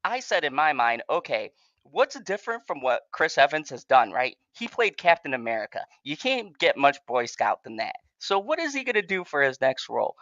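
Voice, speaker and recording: A man's voice: fairly high pitch, big pitch swings, normal speed, a bit bright, no room sound. A man co-hosting a casual review chat, rambling, swearing freely and laughing a lot. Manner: profane, rambling, laughs often. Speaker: podcast co-host reviewing shows. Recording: dry, dull lo-fi sound.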